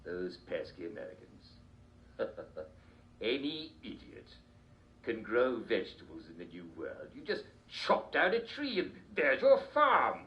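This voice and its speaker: An actor playing an eccentric, mad old king in a video game TV sketch, rambling and giggling with shrill outbursts. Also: huge pitch swings, unhurried, a bit bright, highs cut off, slight background noise. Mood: scornful.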